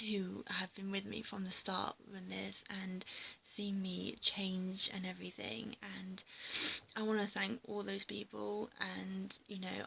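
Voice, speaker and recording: A tearful woman vlogging a heartfelt personal message on a handheld camera, speaking haltingly and often dropping into a breathy half-whisper. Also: medium pitch, bright, forceful tone, slight background noise, low-quality recording. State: tearful, emotional. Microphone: handheld camera mic.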